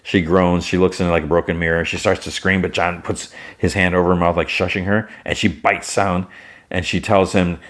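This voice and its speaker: A man with a deep, low voice talks through a show's plot in a loose, casual podcast style. He rambles, leans on filler words and often restarts his sentences. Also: flat delivery, moderate pace. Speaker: podcast host.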